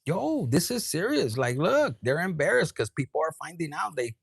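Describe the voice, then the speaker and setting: A man's voice: fairly high pitch, normal speed, creaky, breathy edge, no echo. Cursing, Spanish-peppered man. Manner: profane, animated, switches into Spanish. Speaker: tarot reader. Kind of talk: collective tarot reading.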